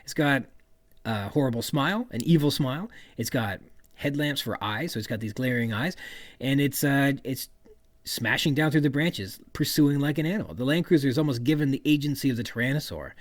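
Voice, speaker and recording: There's no echo as this man, a podcast host with a mid-range voice, talks fairly quickly through an analysis of a novel's writing. He reads quotations aloud, then explains them in a lively, emphatic way.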